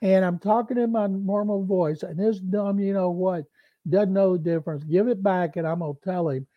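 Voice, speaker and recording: A man telling a long sports anecdote on a podcast, animated and acting out the quoted voices. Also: high-pitched, normal speed, no room sound, dull audio. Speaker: beat reporter and co-host.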